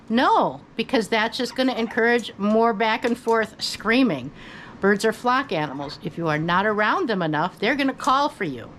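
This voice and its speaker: An older woman who hosts her own channel, giving relaxed, folksy advice about parrots at home and chatting to her bird now and then. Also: fairly high pitch, moderate pace, a little hiss or hum, rough recording. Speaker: parrot owner and channel host. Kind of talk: casual advice talk. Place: indoors at home, by her bed.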